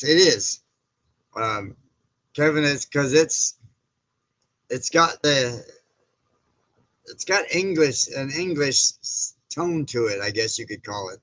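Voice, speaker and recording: Bright-voiced man chatting on a livestream. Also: medium pitch, animated, unhurried, dry recording, rough recording. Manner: chatty, greets viewers and reads chat comments aloud; rambling with frequent fillers and restarts. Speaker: livestream host. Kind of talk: casual live-stream chat.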